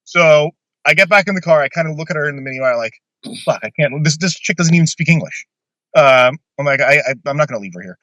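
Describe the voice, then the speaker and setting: A man's voice: fairly high pitch, animated, fast talker, bright, forceful tone, no room sound. A man casually telling a long personal story on a podcast, blunt and swearing freely.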